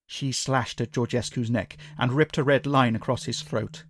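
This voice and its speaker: A man narrating a scripted horror story in a measured, dramatic way. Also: mid-range voice, fairly even intonation, no room sound, clean studio sound.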